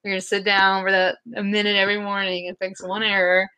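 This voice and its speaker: A woman's voice: medium pitch, flat delivery, fast, sharp tone, clear, resonant tone. A woman with a Southern US accent, a podcast guest who explains things in loose casual chat, full of fillers and restarts. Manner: rambling, many fillers and restarts.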